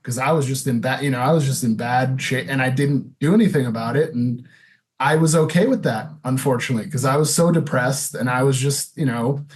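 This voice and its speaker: In a mid-range voice that moves fairly quickly, a thirtysomething man shares his personal story on a podcast. The interview is casual, and he's candid and relaxed, leaning heavily on "like" and "you know".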